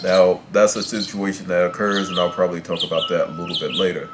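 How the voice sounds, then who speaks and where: Man explaining Spanish stress rules, very low voice, birds chirping behind, noisy recording. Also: level tone. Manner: measured, repeats and rephrases explanations. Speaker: Spanish teacher. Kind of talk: explanatory language lesson. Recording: clear background noise with birdsong.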